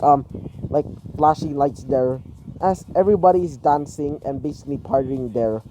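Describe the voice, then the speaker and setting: A man improvising a fan fiction story aloud, halting with many fillers. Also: on the high side, dark tone, a little hiss or hum, low-quality recording.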